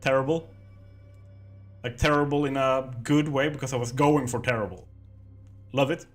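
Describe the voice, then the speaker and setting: A man's voice: mid-range voice, fairly even intonation, normal speed, faint music behind. A man streaming a horror game, giving casual commentary with jokey, exclamatory asides.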